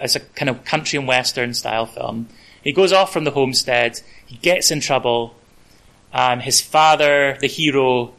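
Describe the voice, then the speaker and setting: A man's voice: medium pitch, bright, forceful tone, poor audio. A man preaching a conversational sermon, with casual asides and the odd filler.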